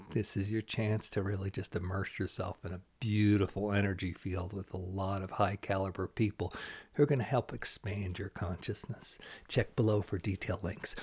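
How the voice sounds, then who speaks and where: A man's voice: on the low side, a little mellow, breathy edge. A man hosting a spiritual talk show, telling jokes and stories in an enthusiastic, casual way. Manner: jokey, enthusiastic storytelling. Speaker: host and channeler.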